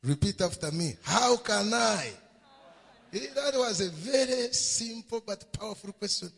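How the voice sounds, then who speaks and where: A man's voice: high-pitched, expressive, normal speed, creaky, breathy edge. A man preaching a sermon, telling a story with emphatic repeated refrains and calling on the congregation to answer. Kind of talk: sermon storytelling with call and response. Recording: long hall reverb.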